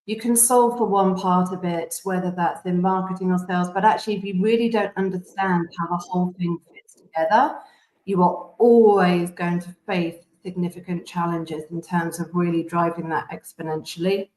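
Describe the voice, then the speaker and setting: A woman's voice: on the low side, fairly even intonation, moderate pace, darkish tone. British woman hosting, echoey room. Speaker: webinar host. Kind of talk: hosting a webinar.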